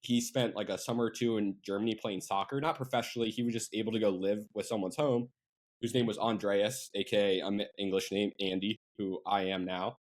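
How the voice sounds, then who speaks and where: Rambling low-voiced man. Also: fairly even intonation, fairly quick. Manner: rambling, with lots of fillers and asides. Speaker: guest, marketing agency owner. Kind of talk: casual interview chat.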